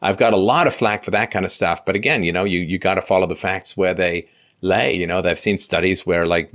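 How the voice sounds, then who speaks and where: Low-voiced man arguing his point. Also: fairly quick, fairly bright tone. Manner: argumentative, builds points with examples and acted quotes. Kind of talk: casual conversation.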